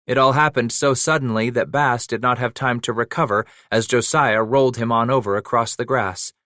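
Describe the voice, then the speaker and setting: A man narrating a western audiobook at a steady, measured pace. His voice sits in the middle range, recorded dry and close with no room sound. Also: medium pitch, dry recording. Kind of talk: scripted narration.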